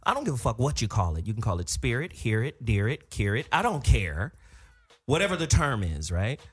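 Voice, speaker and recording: A man hosting a talk show, riffing on tangents in a profane, animated way. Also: medium pitch, brisk, husky, faint music behind. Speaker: podcast host. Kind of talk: casual chat.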